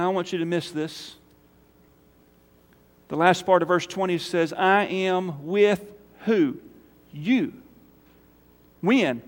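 A man preaching a sermon as pastor, emphatic, swinging between loud calls and quiet appeals. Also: high-pitched. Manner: emphatic, rising to loud calls then dropping soft for prayer. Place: church sanctuary. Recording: church hall reverb.

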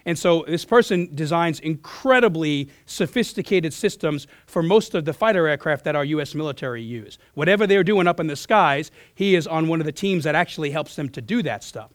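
Hoarse male pastor preaching. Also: fairly high pitch, lively intonation, a little fast, few pauses, dry recording, clean studio sound. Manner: earnest, with frequent restarts and throat clearing. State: hoarse, losing his voice. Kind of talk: sermon. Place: church.

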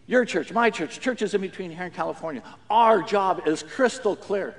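Animated high-voiced male preacher. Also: moderate pace. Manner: animated, emphatic preaching with acted-out quotes. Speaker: pastor. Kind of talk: sermon.

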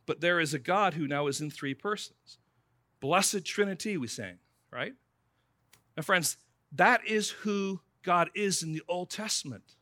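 Male pastor, sermon, bright tone, dry close sound. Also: sits high, a little slow, dry recording. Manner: conversational, addresses listeners as friends.

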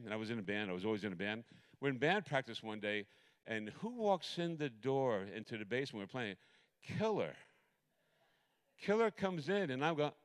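A middle-aged man with a medium-pitched voice preaches a sermon, telling a personal story. He rambles animatedly and keeps restarting his sentences.

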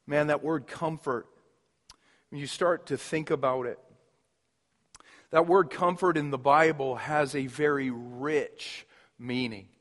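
A man's voice: on the high side, steady tone, slow pace, long pauses, a bit bright. A man preaching a sermon, earnest and emphatic, repeating key words. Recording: long reverb of a large hall.

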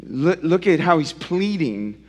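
A male pastor preaching a sermon, emphatic and swinging from loud to hushed, often asking his listeners direct questions. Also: a little high, measured pace. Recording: long reverb of a large hall.

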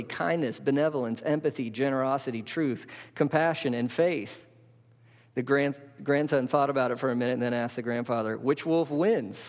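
During a sermon, a pastor preaches with animation from the pulpit and repeatedly questions his listeners. His pitch is an ordinary middle range, and the dull, lo-fi recording carries a long reverb through a large hall.

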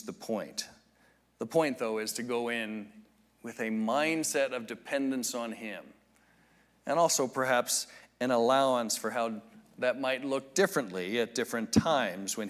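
A man preaching a sermon, teaching in a measured, reflective way with frequent restarts. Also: mid-range voice. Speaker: pastor.

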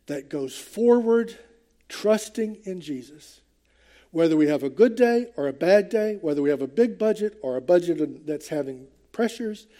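An older man, his voice a little high with a dark tone, preaches a sermon to his church congregation. As pastor, he speaks earnestly and conversationally, with hesitant fillers.

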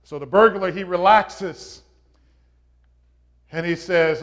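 Slow, high-voiced male preacher. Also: a bit bright. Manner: slow, halting delivery with frequent "uh". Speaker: pastor. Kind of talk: sermon with an opening joke.

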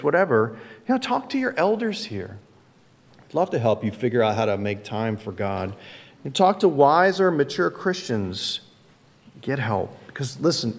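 A man preaching a sermon as pastor, speaking conversationally with dramatic emphasis. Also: a little high. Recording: long hall reverb.

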